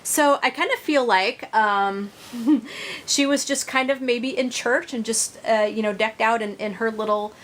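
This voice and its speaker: A woman's voice: fairly high pitch, steady tone, a little slow. Rambling middle-aged woman chatting to viewers. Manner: rambling, many fillers and restarts. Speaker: reborn doll vlogger. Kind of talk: casual chat to viewers.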